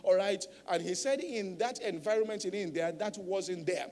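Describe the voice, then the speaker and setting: A man's voice: sits high, normal speed, a little mellow, long reverb tail. A male pastor preaching a sermon, teaching emphatically and checking in with the congregation with frequent "all right?" tag questions.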